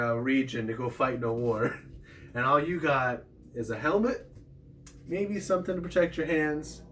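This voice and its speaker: A man's voice: medium pitch, a bit bright, slight background noise. Profane young man, far from the mic. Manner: swears freely, builds vivid scenes with pauses. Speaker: combat sport player sharing tips. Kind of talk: casual profane monologue.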